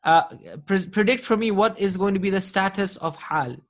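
A man's voice: sits high, normal speed. A man teaching an Arabic grammar class live online, patient and encouraging, often chuckling.

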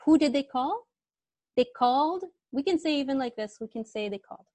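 Woman teacher, patient, quizzes students, fairly high voice, dry close sound. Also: animated, fairly quick, darkish tone, no echo. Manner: patient, asks students questions and repeats answers. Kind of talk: online Arabic grammar class.

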